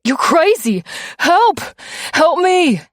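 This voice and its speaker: Brief: a woman doing a whiny cowardly male mugger, high and shrill, yelping and cursing in an audiobook. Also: very animated, extremely slow, breathy edge, no room sound, clean studio sound, full character voice. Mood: panicked.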